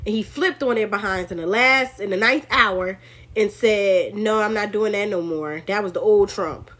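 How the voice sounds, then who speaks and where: A woman's voice: mid-range voice, normal speed. A woman hosting a casual political commentary, talking loosely and acting out quotes in put-on voices. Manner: animated, acts out quotes in put-on voices, laughs often. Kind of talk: casual opinion monologue.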